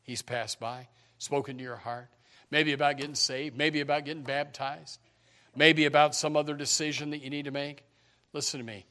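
A man preaching a sermon with emphatic repetition, swinging from hushed to loud. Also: a little high, level tone, normal speed.

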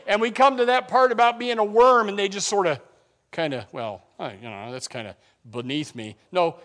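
High-pitched guy preaching, goes from quiet to real loud and fired up, lots of stops and restarts. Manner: swings from quiet asides to loud impassioned preaching; halting restarts and repeated words. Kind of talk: sermon.

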